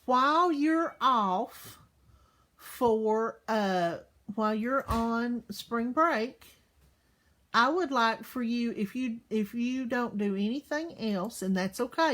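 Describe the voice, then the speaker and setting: In her recorded lesson for small kids, a woman teacher uses a slightly high, fairly bright voice. She goes slowly and patiently, asking lots of questions and adding "okay?" to check in.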